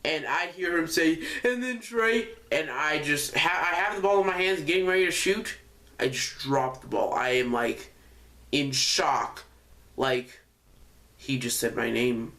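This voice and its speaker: A man's voice: on the high side, a little slow, sharp tone. A young man telling a casual storytime, rambling and correcting himself often with lots of fillers. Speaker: vlogger.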